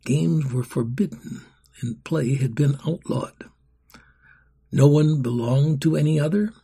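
A man narrating a storybook in a grave, steady telling. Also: on the high side, a little slow, creaky, breathy edge.

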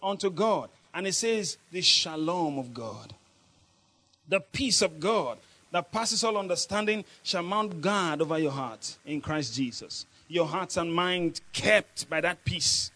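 This preacher's voice sits on the high side, and he talks a little slowly. His sermon is lively, full of laughter, and he keeps prompting the congregation to respond.

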